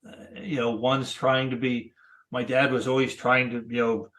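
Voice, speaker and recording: A man in his sixties, a cartoonist guest, chatting casually in a thoughtful, halting way with many restarts. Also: mid-range voice, little pitch movement, bright, forceful tone. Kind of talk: casual interview chat.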